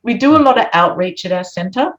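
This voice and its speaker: A woman's voice: medium pitch, a little fast. A woman, telling a story as a guest and acting out the voices of the people in it. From Australia. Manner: animated, acts out quoted voices. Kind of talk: storytelling in conversation. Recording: dull lo-fi sound.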